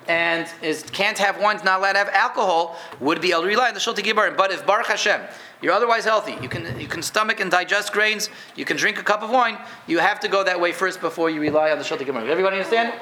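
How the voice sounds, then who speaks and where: Man, high-pitched, rabbi giving a chatty live class, stumbles and checks the room understands. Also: fast talker, sharp tone, a little hiss or hum. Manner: conversational, repeats words, quizzes listeners. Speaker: rabbi teaching Jewish law. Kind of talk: informal halacha class.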